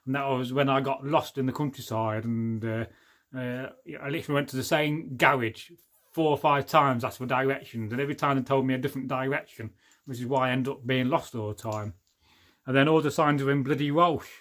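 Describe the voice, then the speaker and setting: A man's voice: medium pitch, fairly even intonation, brisk, a bit bright. Chatty man hosting a livestream. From England. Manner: chatty, jokey, laughs often, rambling asides. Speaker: livestream host. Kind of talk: casual livestream chat reading comments.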